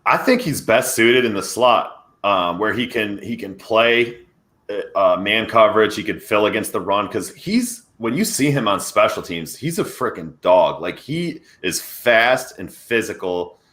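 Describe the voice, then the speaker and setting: Brief: male co-host, low and bright voice, energetic casual football talk. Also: measured pace. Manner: energetic, conversational football analysis. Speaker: podcast co-host. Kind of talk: casual sports podcast discussion.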